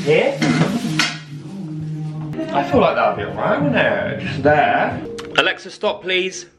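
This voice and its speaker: A young man chats through a casual vlog in his flat, gushing and camp. His voice sits fairly high and swoops all over the place. He takes his time, and the room around him rings with echo. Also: slow, recorded from a distance, music in the background. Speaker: vlogger. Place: flat, indoors. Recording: echoey room.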